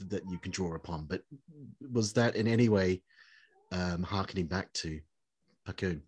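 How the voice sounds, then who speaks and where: A man interviewing a guest, asking halting, searching questions. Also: deep voice, darkish tone, husky. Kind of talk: casual interview chat.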